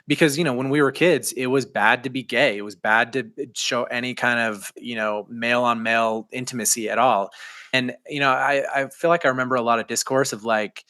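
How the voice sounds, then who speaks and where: A man in his thirties co-hosts a casual podcast. His voice is bright, and he talks with enthusiastic, animated energy. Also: mid-range voice, brisk, no echo. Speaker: podcast co-host.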